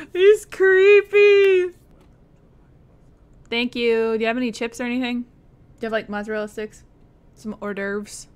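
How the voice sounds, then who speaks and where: A woman's voice: on the high side, flat delivery, a little fast, clean tone. A young woman, chatting and giggling through a game as she streams it. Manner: chatty and giggly, talks to the game characters and chat. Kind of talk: casual gameplay commentary.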